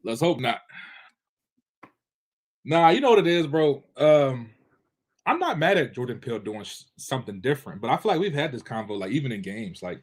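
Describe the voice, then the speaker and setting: A man's voice: medium pitch, husky. A man hosting a movie podcast, talking bluntly and casually, swearing and saying bro. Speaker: podcast host. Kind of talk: casual chat.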